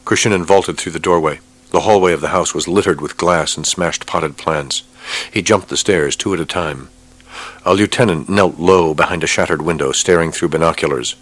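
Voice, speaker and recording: A man narrating an audiobook with a steady, measured reading. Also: deep voice. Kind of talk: scripted narration.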